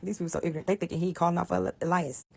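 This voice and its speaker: A low-pitched woman with a gravelly, husky voice tells a scripture story in casual, conversational talk. She is animated and explains things aloud as she goes. At times her voice sinks to a near whisper. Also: racing. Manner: animated, conversational, often drops to a hushed whisper. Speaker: Bible storyteller.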